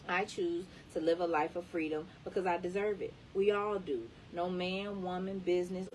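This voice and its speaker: A woman with a deep, low, darkish voice reads an inspirational book aloud, pressing emphatically on the words to encourage whoever is listening. She sits somewhat back from the mic in a rough recording, with a faint low rumble underneath.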